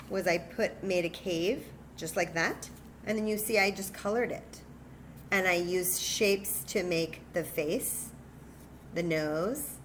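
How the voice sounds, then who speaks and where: A woman leading a children's story time at home, speaking slowly in a sing-song way and talking directly to the kids. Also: medium pitch, slight background noise. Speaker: children's librarian. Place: home room with a cat nearby.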